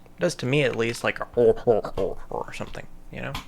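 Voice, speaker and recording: A man's voice: medium pitch, normal speed, creaky, noisy background. A man giving casual comedic commentary on animal pictures, swearing, rambling and laughing often.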